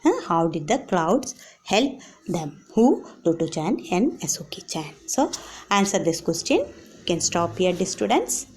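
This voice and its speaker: A woman's voice: lowish voice, very animated, a little slow, a little hiss or hum. A woman teacher works through a story one line at a time. She keeps asking her pupils who and why, hums between phrases, and restates each line in simpler words. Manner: reads a line, then quizzes and rephrases it with many hums and fillers. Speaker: English teacher. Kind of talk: classroom lesson explaining a story.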